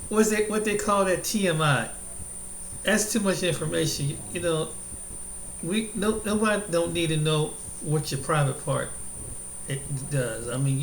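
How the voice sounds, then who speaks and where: A man's voice: fairly high pitch, reverberant, a little hiss or hum, poor audio. A man hosting a reaction video, rambling casually with lots of restarts and fillers. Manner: rambling, many restarts and fillers, chuckles often. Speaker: video host reacting to a clip.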